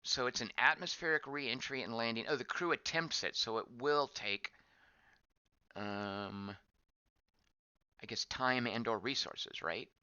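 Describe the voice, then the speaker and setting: A man's voice: medium pitch, a little slow, pauses often, pushed and bright, smooth, dry recording. A man giving casual gameplay commentary as he plays, thinking aloud, wondering and reacting to what is on screen. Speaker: game streamer. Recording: dull lo-fi dry voice track.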